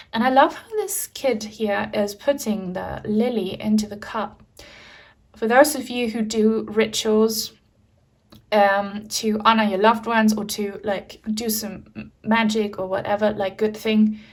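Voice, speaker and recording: A woman giving a pick-a-card tarot reading, talking in an emotional, reassuring way with many fillers. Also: mid-range voice. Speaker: tarot reader.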